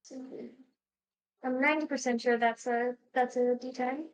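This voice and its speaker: Woman, tabletop player, high voice, unhurried, giggly, thinks aloud. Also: fairly even intonation, a crowd in the background, poor audio. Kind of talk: playing a tabletop game on stream.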